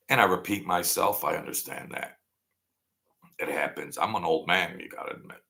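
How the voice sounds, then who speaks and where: A man in his sixties with a gravelly, somewhat low voice chats loosely with his live-stream audience. He wanders off on tangents and chuckles at his own jokes. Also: measured pace, bright, forceful tone. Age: 60s. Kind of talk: casual live-stream chat with viewers.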